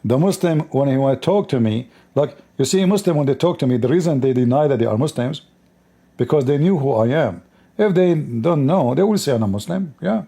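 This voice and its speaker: A man's voice: medium pitch, lively intonation, fairly quick, creaky, dark tone, husky. Mocking man. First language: Arabic. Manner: mocking, repetitive, emphatic. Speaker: host of a call-in debate show. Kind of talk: combative live-stream commentary.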